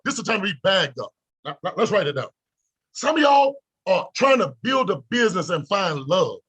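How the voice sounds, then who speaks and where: Hyped-up husky preacher-style man. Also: high voice. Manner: preachy, repetitive, hyped up, laughing, bursts into shouts. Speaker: trading mentor. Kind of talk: motivational live-stream pep talk.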